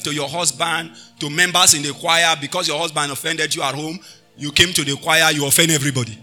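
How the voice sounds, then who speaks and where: A man preaching a sermon, swinging between loud bursts and quiet asides and slipping into pidgin phrases. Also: fairly high pitch, fairly even intonation, brisk, soft background music.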